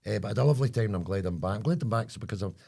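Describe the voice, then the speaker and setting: In a casual podcast chat, a Scottish co-host races along in a lowish, gravelly, dark-toned voice that stays expressive. He rambles and often leaves sentences hanging while he reaches for words.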